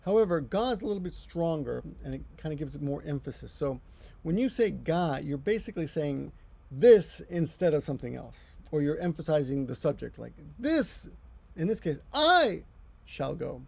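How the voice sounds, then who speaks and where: This middle-aged man's voice is on the high side, animated and dark-toned, with vocal fry and a moderate pace. Teaching Japanese casually, he rambles, fixes his own explanations mid-stream, and adds chatty asides.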